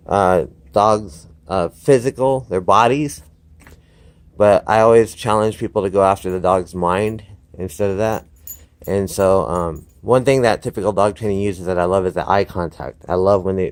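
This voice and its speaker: A man's voice: lowish voice, darkish tone. A man talking casually to camera outdoors about training his dog, explaining at length with frequent restarts. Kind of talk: casual instructional talk to camera. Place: outdoors, by a fenced yard.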